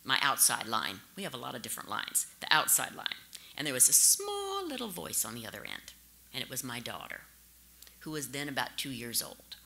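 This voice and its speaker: A woman's voice: a bass voice, wildly swooping pitch, fairly quick, creaky, sharp tone. An American woman in her fifties from St. Louis, giving a direct, anecdotal conference speech. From St. Louis, USA. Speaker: conference speaker.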